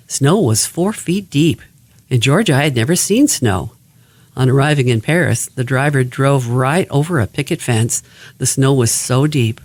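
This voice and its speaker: A man reads aloud from an old family memoir, keeping a steady, even pace. His voice sits at a middle pitch for a man. The recording is dry and close, with no room sound around him. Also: normal speed, dry recording.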